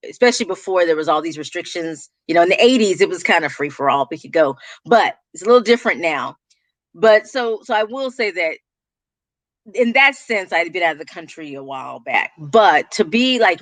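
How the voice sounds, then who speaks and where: A woman's voice: on the low side, dry recording. Texas lady being interviewed, chatty storyteller, laughs a lot, dry close mic. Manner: animated storyteller, laughs often. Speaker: guest, business coach. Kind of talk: casual interview conversation.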